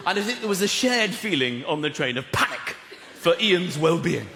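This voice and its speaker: Animated stand-up comedian. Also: male voice, high voice, moderate pace, heavy background noise. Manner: animated storytelling, acting out characters. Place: large theatre stage. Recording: echoey theatre with loud audience laughter.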